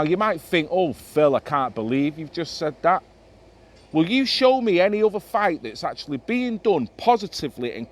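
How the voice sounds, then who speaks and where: A man's voice: fairly high pitch, a little hiss or hum. A middle-aged man ranting emphatically to camera in a vlog, swearing freely. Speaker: vlogger. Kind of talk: impassioned monologue to camera.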